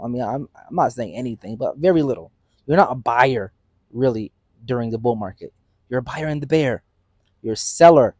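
A man hosting his own channel with unscripted market talk. His voice sits at an ordinary middle pitch and is recorded dry and close with no room sound. He talks animatedly and emphatically, pushing each point home. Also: darkish tone, no echo. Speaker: crypto channel host. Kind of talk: casual unscripted market commentary.

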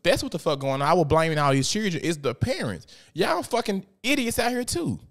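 A man, hosting a podcast in a blunt, profane, animated storytelling manner. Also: on the high side, a little fast. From Memphis, USA. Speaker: podcast host. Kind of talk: casual podcast monologue.

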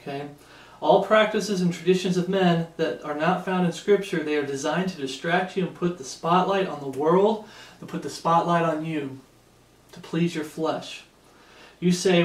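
A man's voice: on the high side, fairly even intonation, normal speed. A man giving an emphatic sermon-style Bible teaching, often checking in with "okay?". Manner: emphatic, repeatedly asking "Okay?". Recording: echoey room, mic set far off.

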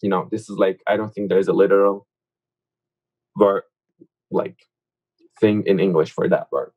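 A young man whose first language is Turkish, teaching verbs in a casual online lesson, full of fillers and quick to correct his own slips. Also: low-pitched, steady tone, lo-fi sound. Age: young adult.

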